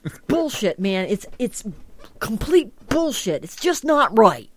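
A woman's voice: a little high, sing-song, unhurried, slight background noise. A woman hosting a podcast, chatting casually and ranting with lots of swearing. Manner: profane, ranting, exasperated. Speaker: podcast host. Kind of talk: casual chat.

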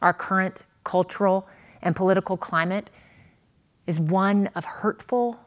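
A woman preaching a sermon, earnest, with dramatic pauses and a voice that swells and drops. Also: lowish voice, steady tone. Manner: earnest, dramatic pauses, rises and falls in volume.

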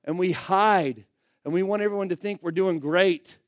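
A male pastor delivers a sermon in a high-pitched voice at normal speed, addressing his congregation like a friend and swinging between loud emphatic bursts and quiet asides. The sound is dry and close, with no room echo.

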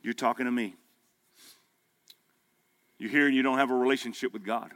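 Male pastor, bright forceful tone, folksy emphatic sermon delivery. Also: mid-range voice, fairly even intonation, moderate pace. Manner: folksy, emphatic preaching, rising to loud peaks. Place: men's breakfast gathering hall.

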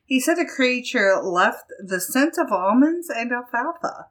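Slow-talking, bright-voiced woman co-host. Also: on the high side, lively intonation. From Ohio. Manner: giggly, laughs often while reading. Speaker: podcast co-host. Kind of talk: casual podcast chat, reading a news article.

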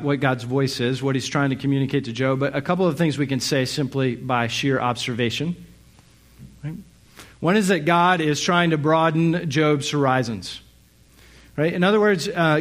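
A middle-aged male pastor preaching a sermon, reflective and searching, who asks many rhetorical questions and pauses on fillers. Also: a little high, a bit bright.

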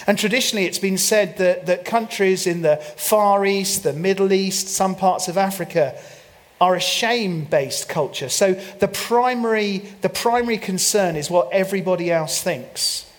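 A man's voice: sits high, normal speed. A man preaching a sermon, telling a story with playful humor and mock French asides. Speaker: pastor. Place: church.

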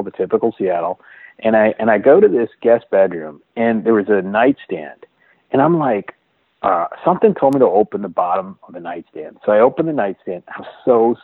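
A man with a somewhat low voice, sharing a personal story in an interview. He talks earnestly and haltingly, with frequent restarts and repeated words. The sound is dry and narrow, like a phone line. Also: no echo. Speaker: interview guest.

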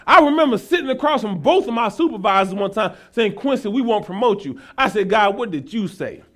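A male pastor preaching a sermon, mixing folksy asides to the congregation with rising, shouted exhortation. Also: high voice, lively intonation, fairly quick. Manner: folksy, talks to the congregation as y'all.

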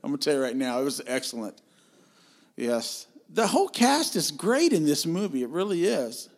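A man's voice: fairly high pitch, very animated, moderate pace. A man co-hosting a film review podcast, talking casually and enthusiastically, often stumbling and restarting his sentences.

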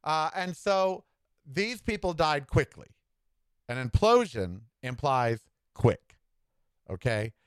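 Sassy, animated male podcast host. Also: slow pace, smooth, no room sound. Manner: sassy, campy asides like "honey" and "child"; dramatic swings in pitch and tempo. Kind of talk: opinionated solo podcast monologue.

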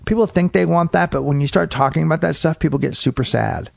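A middle-aged male comedian guest speaks at a quick pace in a fairly high voice with vocal fry, telling a long, profane story in casual chat and animatedly acting out portions. It's a dry, clean studio recording on a podcast mic in a home studio man cave.

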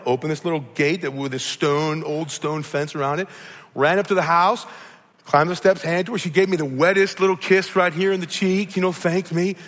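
A middle-aged Midwestern man with a notably high voice preaches in a church. His delivery is earnest and storytelling, and he often repeats a word as he starts a thought. His voice rings out with the long reverb of a large hall. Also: a bit bright. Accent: Midwestern American. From American Midwest. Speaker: pastor. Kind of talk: sermon.

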